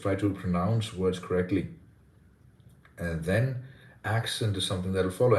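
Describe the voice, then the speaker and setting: A man's voice: deep voice, a little mellow. A man who teaches pronunciation, explaining earnestly during a live question-and-answer lesson. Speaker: pronunciation teacher and content creator. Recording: roomy echo.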